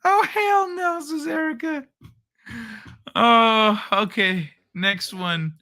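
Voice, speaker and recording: A woman's voice: a little high, slow, pushed and bright. A woman streamer giving casual reaction commentary, swearing and laughing at clips.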